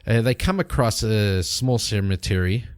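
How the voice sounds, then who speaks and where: A man's voice: fairly low pitch, normal speed, smooth. A man hosting a solo tabletop game, narrating the story and musing aloud as he checks tables and rolls dice. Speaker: host and solo game player.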